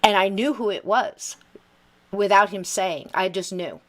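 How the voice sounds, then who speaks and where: A middle-aged woman telling a personal story in casual conversation, earnest and emphatic, halting with frequent restarts. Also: mid-range voice.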